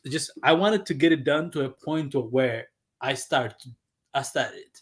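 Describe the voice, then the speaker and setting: A man's voice: mid-range voice, measured pace, slightly rough. A man calling in as a guest on a video call, rambling with many fillers as he explains his project. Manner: rambling, many fillers, laughs between points. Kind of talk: casual conversation over video call.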